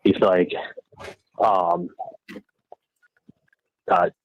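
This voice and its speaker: A man's voice: on the low side, sing-song, very slow, dry recording. A man on a wiretapped phone call, rambling through a retold conversation, quoting the other side and swearing freely. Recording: muffled wiretap phone recording.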